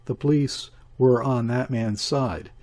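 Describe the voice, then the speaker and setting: A man's voice: medium pitch, slow pace, darkish tone, lightly acted. Man reading a listless, grief-stricken woman. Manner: listless, murmuring, pleading. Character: desperate grieving woman, listless and weary. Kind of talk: audiobook character reading.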